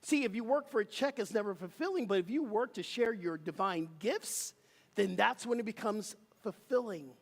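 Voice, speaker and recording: A minister delivers an emphatic, rhythmic sermon from a church sanctuary, leading the congregation in call and response. The voice sits at a middle pitch and carries a long, lingering reverb from the hall. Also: animated, normal speed.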